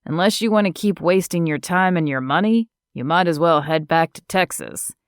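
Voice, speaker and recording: A woman voicing a protective former soldier who speaks calmly and firmly. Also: fairly low pitch, moderate pace, clear, resonant tone, no room sound, clean studio sound, close to an everyday voice. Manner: calm, firm, steady.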